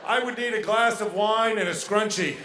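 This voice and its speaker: Fussy girlfriend with a roofer's spiel, played by a male comic; loud, high, roomy live sound. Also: lightly acted. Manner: loud, drawn-out, mock-professional. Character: fussy girlfriend talking like a roof contractor. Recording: roomy live venue with faint noise.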